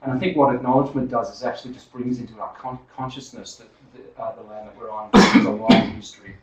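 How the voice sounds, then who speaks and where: A man's voice: medium pitch, expressive, quick pace. A man with an Australian accent drifting toward American, giving a seminar talk in a chatty way with many fillers and restarts. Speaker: seminar speaker. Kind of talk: academic talk. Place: seminar room. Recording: roomy lecture hall from far off, dull.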